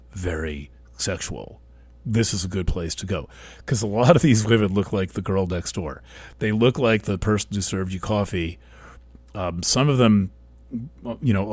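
A man speaking a reflective monologue into a broadcast microphone, soft-spoken and gentle, often halting and restarting his words. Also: on the low side, dry recording.

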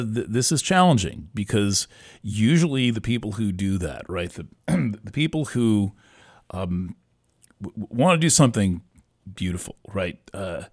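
A man giving an astrology reading in a casual, halting way, with many restarts and fillers. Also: lowish voice, no room sound, clean studio sound.

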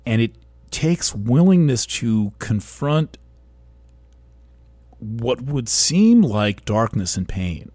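A man hosting a weekly show, talking in a slow, thoughtful monologue that halts and restarts as he searches for words. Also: medium pitch, big pitch swings, darkish tone, no echo. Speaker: host. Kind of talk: reflective monologue.

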